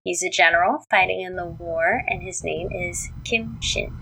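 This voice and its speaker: A woman's voice: on the low side, normal speed, vocal fry, bright, forceful tone, slight background noise, low-quality recording. A woman co-hosting a casual podcast, reading a plot recap from notes and commenting frankly, with some swearing. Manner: reads recap notes aloud, frank, swears, reacts with short agreements. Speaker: podcast co-host recapping a drama. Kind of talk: casual chat.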